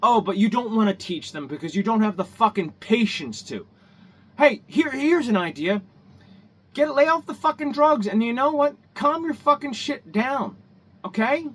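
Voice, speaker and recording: A man vents in an angry vlog rant, his voice pitched high and noticeably husky. He swears constantly, repeats himself and trips over his own restarts as he pushes his point. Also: animated, moderate pace, fairly bright tone. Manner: profane, heated, repetitive, stumbling restarts. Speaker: vlogger.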